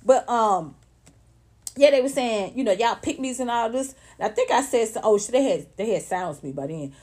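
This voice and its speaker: A woman's voice: on the high side, lively intonation, moderate pace, darkish tone, breathy edge. A woman with ranting bluntly and with a lot of profanity, mocking others in put-on voices as she hosts casual online talk.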